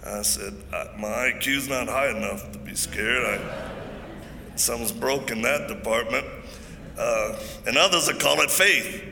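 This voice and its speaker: A man's voice: medium pitch, unhurried, gravelly, pushed and bright. A man giving an emphatic preaching-style speech at a large event, telling stories with jokes mixed in. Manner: emphatic, joking storyteller. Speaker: event speaker. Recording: echoey hall, faint noise.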